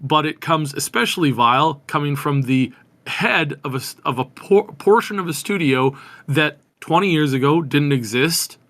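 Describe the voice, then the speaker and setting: A gaming news podcast co-host speaks at normal speed in a slightly high, fairly bright voice. His casual, rambling talk is full of restarts, and his indignation keeps building.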